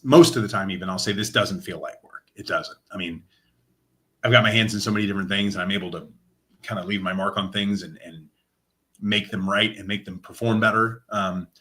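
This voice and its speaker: Bright-voiced man telling his story. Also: low voice. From Lane County, Oregon. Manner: animated retelling, acts out quoted dialogue. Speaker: interview guest, nonprofit director of operations. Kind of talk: casual personal storytelling.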